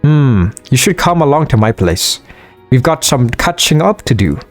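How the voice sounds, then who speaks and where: A jovial dwarf miner speaks in a hearty, put-on Scottish brogue, as a man voices him. His pitch jumps and swings as he talks, and he drags his words out folksily. Faint game music plays underneath. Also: sing-song, moderate pace, lightly acted. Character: gruff middle-aged male dwarf miner, jovial.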